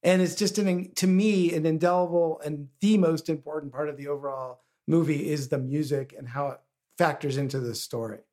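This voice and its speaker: A man's voice: a little high, fairly even intonation, normal speed, darkish tone. A man hosting a podcast, chatting casually about a film with frequent ums and uhs. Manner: hesitant, many ums and uhs. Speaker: podcast host.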